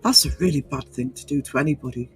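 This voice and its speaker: A man's voice: medium pitch, fast, faint music behind, rough recording. A man hosting a livestream, chatting casually through viewer comments with many fillers and restarts. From North East England. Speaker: livestream host.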